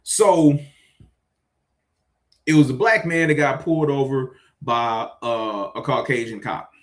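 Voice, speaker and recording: A man ranting casually to his viewers, exasperated and swearing, swinging between loud outbursts and low muttering. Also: slow. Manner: conversational, addresses viewers directly. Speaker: vlogger. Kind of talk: casual rant to camera.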